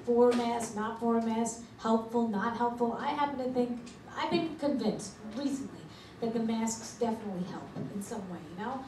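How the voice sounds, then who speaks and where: A middle-aged woman doing a stand-up comedy routine, delivering brash, deadpan one-liners in a comedy club. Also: a little high, normal speed. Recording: echoey club from far off with noise.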